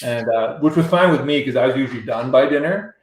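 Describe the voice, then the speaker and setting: A man's voice: medium pitch, brisk, roomy sound, poor audio. A man, a musician, telling a long anecdote in casual chat, restarting and acting out other people's lines. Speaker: musician guest. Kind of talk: casual storytelling on a radio show.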